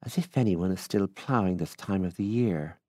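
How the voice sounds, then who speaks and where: A man's voice: low voice, normal speed, darkish tone, no echo, studio quality. A man reading aloud, voicing a proud, irritable middle-aged widow who owns farmland, speaking in a clipped, cross way.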